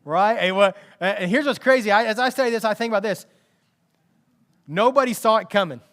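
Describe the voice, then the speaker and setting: Pastor in the pulpit, male, higher register, tells the story with lively, emphatic energy. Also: fairly quick. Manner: animated, emphatic storytelling with asides. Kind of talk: sermon.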